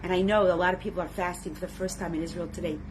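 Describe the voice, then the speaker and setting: A woman teaching a religious class with deep feeling, who swings from loud exclamations to hushed tones and speaks directly to her listeners as her friends. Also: fairly even intonation, very fast, a little hiss or hum. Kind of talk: impassioned religious class talk.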